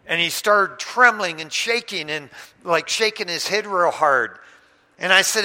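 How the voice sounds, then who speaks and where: A man preaching in a church sanctuary, his voice sharp and forceful and pitched a little high. He tells his story with animated delivery, swinging between loud bursts and hushed moments. A long reverb trails each phrase. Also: measured pace. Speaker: pastor. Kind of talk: sermon with personal storytelling.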